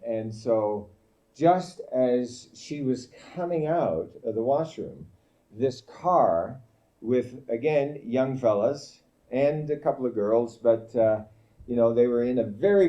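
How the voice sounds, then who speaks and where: A man's voice: fairly low pitch, mellow. A man preaching at a camp meeting, telling a family story in an anecdotal way, full of fillers and restarts. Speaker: guest preacher. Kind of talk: storytelling sermon. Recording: dull lo-fi recording.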